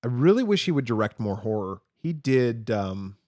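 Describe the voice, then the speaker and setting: A man co-hosting a podcast in easygoing chat, his voice sitting at a medium pitch. He tells rambling stories with a joking edge. The recording is dry and close, with no room sound. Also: big pitch swings, moderate pace, darkish tone, dry recording. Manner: rambling, jokey storyteller. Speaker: podcast co-host. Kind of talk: casual chat.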